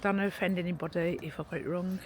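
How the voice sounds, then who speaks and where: A woman's voice: lowish voice, fairly even intonation, quick pace, a little hiss or hum. A woman chatting casually to camera outdoors in a rambling, gushing way, speaking a bit oddly because she is cold. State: cold, shivering speech. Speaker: motorhome vlogger. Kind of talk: casual vlog chat to camera. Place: outdoors at a castle.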